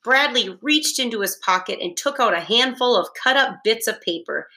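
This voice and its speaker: A woman reading a children's novel aloud with steady, deliberate storytelling. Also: a little high. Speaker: reader.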